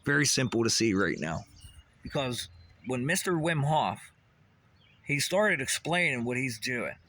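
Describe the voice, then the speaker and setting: A man's voice: medium pitch, sing-song, a little slow, bright, forceful tone. A man delivering a rambling, intense monologue as a vlogger, swearing often and repeating questions.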